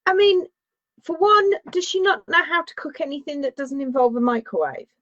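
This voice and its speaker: A woman's voice: high voice, expressive, moderate pace, a bit bright. A woman with a Northern English accent, co-hosting a casual podcast chat and making dry, wry remarks. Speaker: podcast co-host. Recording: dry, dull lo-fi sound.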